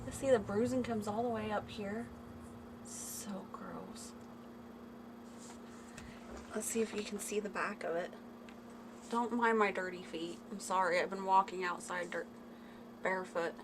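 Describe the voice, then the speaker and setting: A woman's voice: mid-range voice, fairly even intonation, normal speed, background noise. A woman chatting casually on a home livestream, laughing and reading viewer comments aloud. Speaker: livestream host. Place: home, indoors. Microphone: phone camera.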